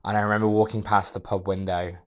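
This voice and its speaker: A young man, a podcast guest, telling a personal story in a measured, reflective way with hesitant restarts. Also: lowish voice, little pitch movement. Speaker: podcast guest, architectural designer.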